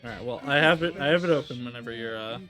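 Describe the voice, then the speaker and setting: A man's voice: medium pitch, racing, bright, forceful tone, faint music behind. A man chatting casually with a friend during a live game stream, teasing with playful mock outrage. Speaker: co-player. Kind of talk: casual chat while gaming live.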